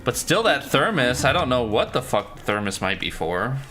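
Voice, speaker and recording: A man's voice: mid-range voice, very animated, moderate pace, sharp tone, faint music behind. A man streaming a horror game live, chatting casually with viewers, joking and swearing freely. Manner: loose, swears freely, jokey asides. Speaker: gaming livestreamer. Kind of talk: casual live game commentary, reading chat.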